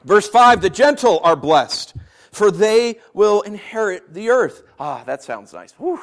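A man preaching a sermon, asking rhetorical questions and swinging from quiet asides to loud declarations. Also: high voice, very animated, unhurried.

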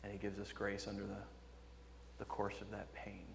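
A male pastor preaching a sermon with impassioned delivery, swinging between loud emphasis and hushed, tender tones. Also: on the low side, completely flat delivery, moderate pace, creaky, big-room sound, a little hiss or hum.

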